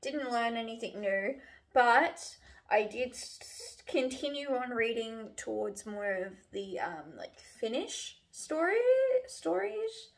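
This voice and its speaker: A woman's voice: fairly high pitch, a little slow. Rambling young woman reviewing books. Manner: rambling, lots of fillers and restarts; relaxed, chatty. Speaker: book vlogger. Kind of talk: casual book review chat.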